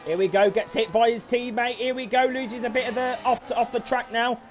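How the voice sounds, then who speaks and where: A man giving excitable, swear-filled live commentary on a sim race, often laughing in disbelief. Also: very high-pitched, brisk, slight background noise.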